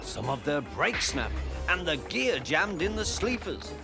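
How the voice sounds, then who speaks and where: A man narrating a children's train story in a gentle, expressive scripted reading. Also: fairly high pitch, unhurried, creaky. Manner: gentle and expressive, doing all the voices. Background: music score.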